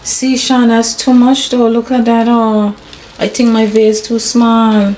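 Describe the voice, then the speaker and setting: A woman with a Caribbean English accent chats casually at home for her vlog, giggling and talking to her husband off camera. Her voice sits a bit high, and her pace is unhurried. A faint hiss runs under the recording. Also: flat delivery, a little mellow. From Caribbean, grew up in Anguilla. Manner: chatty and giggly, talks to viewers and husband. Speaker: vlogger. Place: home, indoors.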